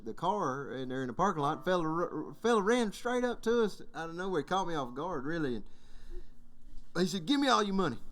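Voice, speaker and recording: A man's voice: on the high side, fairly bright tone. A man from Georgia with a Southern US accent, telling folksy jokes and stories on stage at a folk music workshop and laughing at his own jokes. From Georgia, USA.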